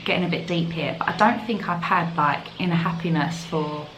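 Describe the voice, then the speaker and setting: A woman's voice: fairly low pitch, fairly quick. Young london girl rambling to camera, lots of "like", echoey with a bit of background hiss. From London, England. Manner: chatty, full of "like" fillers. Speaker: vlogger. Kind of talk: casual chat to camera. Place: outdoors in the evening.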